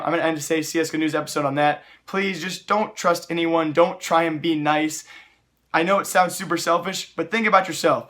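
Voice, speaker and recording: A young man hosting a casual gaming news vlog, energetic and chatty, his voice a bit worn from long live streams. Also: a little high. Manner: energetic, chatty, keeps addressing viewers as guys. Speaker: esports news host.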